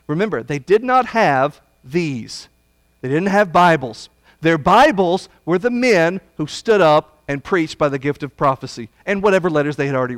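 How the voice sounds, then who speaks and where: A man preaching a Bible study sermon, blunt and folksy, swinging from loud emphasis to hushed asides. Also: fairly high pitch, no echo.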